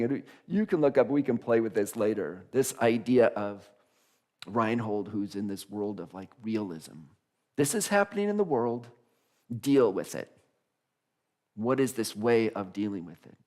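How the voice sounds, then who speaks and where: A male minister giving a conversational sermon in a church, animated, often restarting phrases and laughing. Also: on the low side. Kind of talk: casual sermon. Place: church sanctuary.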